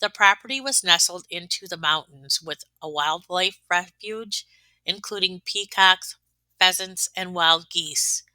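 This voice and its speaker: Female narrator, low-pitched and very bright, even scripted read, dry voice-over. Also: unhurried, clean tone, no echo. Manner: even, reading-style recap. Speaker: tribute narrator.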